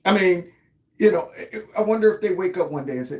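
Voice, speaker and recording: This host's voice is high, expressive and quick as he delivers political commentary on his own show with heated sarcasm and mockery. A roomy echo hangs over the sound.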